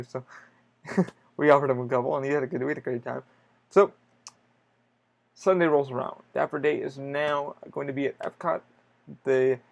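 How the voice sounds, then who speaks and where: A man's voice: mid-range voice, vocal fry. A man hosting a podcast on his own, telling a long story in a casual, rambling way and swearing often. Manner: swears a lot, rambling and animated. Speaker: podcast host. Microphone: podcast microphone.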